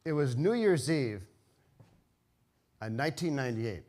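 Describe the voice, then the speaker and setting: An older man telling a comic, personal story live on stage, wry and halting, with frequent restarts. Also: mid-range voice, big pitch swings, a little mellow.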